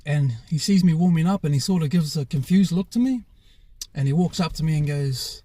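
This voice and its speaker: Fairly quick and mellow, on the high side, this young man's voice carries no room sound. He's an ex-rugby player with a New Zealand accent sharing his personal story openly and casually, stumbling through fillers and restarts and swearing now and then.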